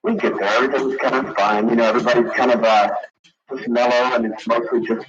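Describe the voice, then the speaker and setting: This caller's voice is medium in pitch and fairly flat, moving quickly over a slight hiss or hum. Dialing into a late-night radio program, he tells a meandering tale packed with fillers and false starts, all on a dull, lo-fi broadcast with crowd noise.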